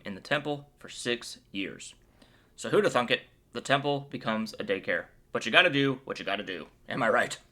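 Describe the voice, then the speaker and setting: Bright and forceful, this medium-pitched male voice belongs to a Bible video host. He keeps the commentary casual and enthusiastic, joking his way through a retelling of the chapter.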